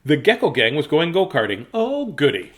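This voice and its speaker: A playful man reads a children's picture book aloud in a casual, jokey way, breaking off for silly asides. His voice sits a little high and swings widely in pitch. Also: wildly swooping pitch, normal speed, a bit bright. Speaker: host reading picture books aloud.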